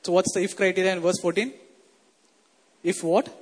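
A man with a high voice preaches in a big hall, and his words ring out with a long reverb. He talks in a conversational way and keeps putting questions to the congregation. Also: flat delivery, moderate pace, slightly rough. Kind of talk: sermon.

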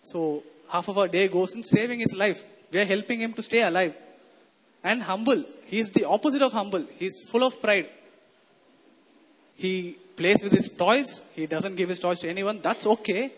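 A man's voice: high voice, normal speed. A man preaching a sermon in a conversational way, often putting questions to his congregation. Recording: long hall reverb.

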